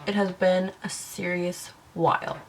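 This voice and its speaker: A woman's voice: lowish voice, little pitch movement, unhurried. A woman talking to camera in her bedroom, giggly, rambling and self-conscious. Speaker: beauty vlogger. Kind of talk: casual talk to camera.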